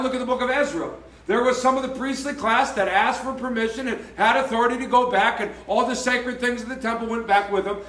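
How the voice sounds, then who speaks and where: High-voiced pastor preaching in an echoey hall. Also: male voice, recorded from a distance. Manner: animated storytelling, acting out biblical characters' voices. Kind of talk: sermon. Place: church sanctuary.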